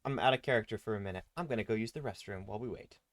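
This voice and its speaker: A man's voice: lowish voice, racing, dry recording. Man, streamer, rambling chatty talk, dry close sound. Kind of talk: casual stream chat.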